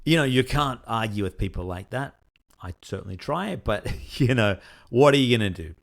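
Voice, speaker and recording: A man's voice: medium pitch, lively intonation, moderate pace, creaky. A man, a solo game developer, talking candidly and rambling with many fillers. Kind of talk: casual talk to camera.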